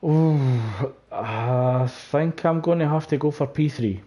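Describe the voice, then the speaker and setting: A man co-commentating a sim racing live stream, measured and thoughtful. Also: fairly high pitch, warm tone.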